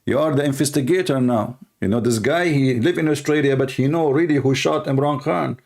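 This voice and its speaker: A man ranting through an online commentary in a blunt, mocking way. He repeats his points, slips in insults and drops his voice low for asides. His pitch sits at an ordinary middle level. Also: fairly quick, creaky, a little mellow.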